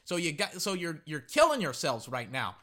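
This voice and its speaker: Man, excitable, very bright sharp voice, animated, casual game reaction. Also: fairly high pitch, moderate pace. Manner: excitable, rambling, repeats words. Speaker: fan commentator.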